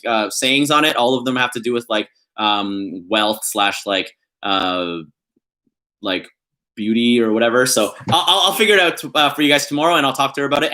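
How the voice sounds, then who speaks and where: A man's voice: medium pitch, a little fast, bright, forceful tone. Young male vlogger, casual and playful, laughs easily, hams up jokes. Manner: playful, giggly, reads puns in a put-on emphatic voice. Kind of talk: casual vlog chat.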